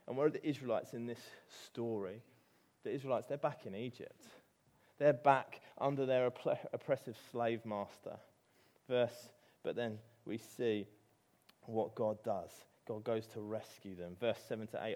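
A man's voice: medium pitch, unhurried, darkish tone. A man with an English accent preaching a sermon, telling a story with animation and rising to emphatic peaks.

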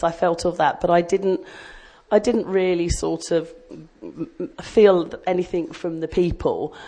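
A middle-aged woman from Australia speaks to a small church group in a relaxed, rambling way, poking fun at herself as she tells her story. Her voice sits a little low for a woman. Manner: chatty, self-deprecating, rambling storyteller. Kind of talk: personal testimony to a group.

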